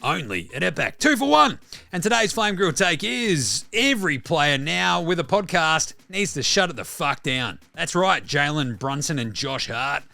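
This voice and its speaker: This is an Australian man hosting a casual basketball show, blunt and profane as he wanders through his opinions. His voice is bright and pushed forward, sitting a little high for a man. The sound is close and dry, with soft music under it. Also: expressive, measured pace, creaky, few pauses, dry recording. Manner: rambling, sweary and blunt. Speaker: podcast host. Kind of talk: casual sports commentary.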